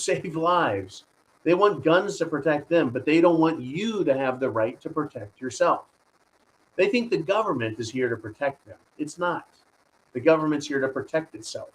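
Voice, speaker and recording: A man's voice: mid-range voice, rough recording. A man hosting a live stream, giving combative political commentary and reading viewer donations, often turning to his audience with "folks" and "right?". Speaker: host of a live stream show.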